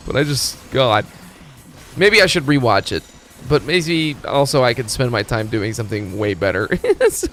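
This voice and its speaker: Casual streamer: man, animated, pitch all over, swears constantly, faint music behind. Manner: profane ranting, animated.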